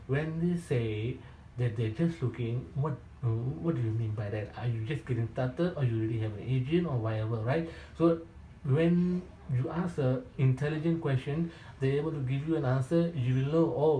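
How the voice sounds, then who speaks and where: A man's voice: medium pitch, mellow, a little hiss or hum. A man coaching real estate agents in a question-and-answer session. He repeats points for emphasis, restarts his sentences and ends many lines with a questioning "right?". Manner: repetitive and emphatic, with frequent restarts. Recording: roomy echo.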